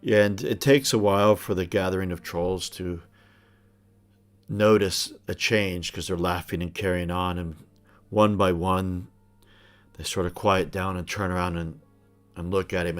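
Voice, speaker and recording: Low-voiced guy narrating a tabletop game, takes his time, kinda hesitant. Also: steady tone, soft background music. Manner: unhurried, descriptive, with some hesitations. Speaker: game master.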